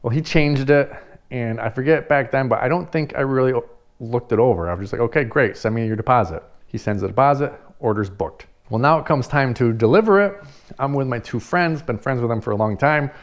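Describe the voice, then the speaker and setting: Man, party rental owner, casual storytelling, animated, swears a lot, laughs as he talks. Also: mid-range voice, a little fast. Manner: animated, swears freely, laughs while telling.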